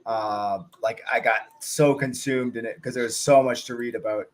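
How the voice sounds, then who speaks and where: A man hosting a cricket watch-along in a loose, rambling chat style, often pausing on fillers. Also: mid-range voice, fairly even intonation, slight background noise. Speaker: cricket channel host.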